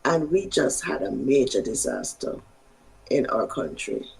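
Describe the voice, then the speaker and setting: A woman physician from Jamaica, giving health advice in a measured, halting way. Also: a bass voice, animated, creaky, a little mellow, low-quality recording. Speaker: physician guest.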